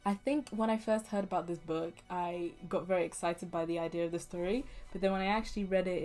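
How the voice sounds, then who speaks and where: A woman's voice: medium pitch, darkish tone. Chatty young woman reviewing books. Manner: chatty and playful, laughs often. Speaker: book vlogger. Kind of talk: casual book review chat.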